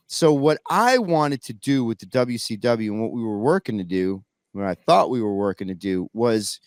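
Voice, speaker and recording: A man's voice: medium pitch, no room sound. Guy rambling thru a story, lots of restarts and ums, dry close sound. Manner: rambling, many restarts and fillers. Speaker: guest musician. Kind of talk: casual storytelling.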